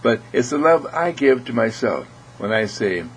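A man giving an earnest inspirational spiritual talk, repeating phrases and often clearing his throat. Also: mid-range voice, expressive, moderate pace, a little hiss or hum, low-quality recording. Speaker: spiritual speaker.

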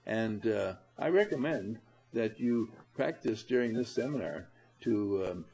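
A man leading a spiritual seminar, coaxing and animated, who addresses his listeners directly and laughs often. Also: fairly low pitch, unhurried, creaky, low-quality recording. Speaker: seminar leader. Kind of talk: spiritual seminar talk to a group.

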